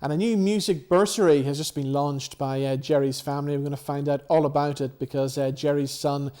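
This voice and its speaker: A man's voice: on the high side, steady tone, fairly quick, dark tone. A man hosting a TV chat show, introducing a guest and asking questions. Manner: brief encouraging interjections, smooth scripted links. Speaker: TV show host.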